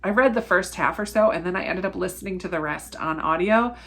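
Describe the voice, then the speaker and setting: A woman's voice: lowish voice, brisk, a bit bright, breathy edge. A woman talking casually about books she has read, candid and chatty, laughing often and trailing off mid-thought. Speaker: book reviewer. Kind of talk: casual book review vlog.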